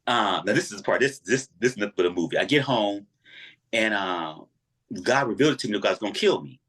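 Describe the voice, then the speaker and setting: Male interview guest, husky, animated storyteller with a lively pitch. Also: quick pace. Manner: animated, acts out every voice in his story.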